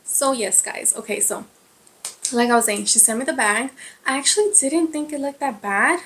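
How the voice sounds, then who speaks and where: A woman vlogger chatting casually to her viewers, excitable and constantly saying "guys". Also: high voice, normal speed, slight background noise. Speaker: craft vlogger. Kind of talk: casual chat to camera.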